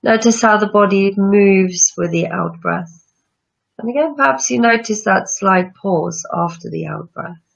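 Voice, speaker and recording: A woman yoga teacher leading a guided breathing meditation with slow, soothing instructions. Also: mid-range voice, gravelly. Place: room with chairs, not a studio. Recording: dull lo-fi sound.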